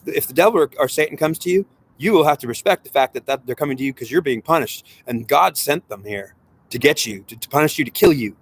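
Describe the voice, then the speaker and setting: A man's voice: on the high side, lively intonation, fast, slightly rough. A man giving an impassioned spiritual monologue, talking in an agitated, rambling way that keeps circling back and repeating itself. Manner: agitated and rambling, with frequent repetition.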